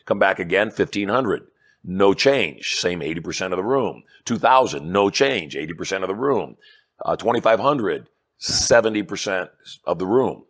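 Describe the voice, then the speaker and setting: A middle-aged man, a hypnotist and persuasion trainer, telling animated stories in an interview and acting out the dialogue. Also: low voice, moderate pace. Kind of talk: storytelling interview chat.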